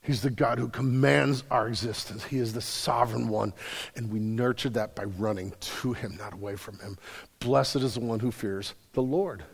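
A young adult man preaching a sermon, telling a story with big swings between loud and hushed. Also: medium pitch, steady tone, normal speed, vocal fry, slightly rough, big-room sound. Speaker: pastor.

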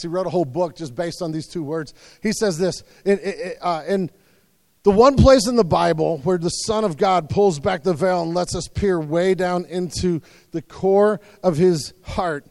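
High-voiced earnest male preacher. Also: no echo, long reverb tail. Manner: earnest, repeats words, swings from loud to soft. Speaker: pastor. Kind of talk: sermon.

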